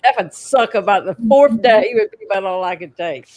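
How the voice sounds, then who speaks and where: A woman's voice: medium pitch, lively intonation, brisk, a little mellow. Woman, co-host, easygoing, casual chat. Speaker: co-host of a fish-keeping livestream.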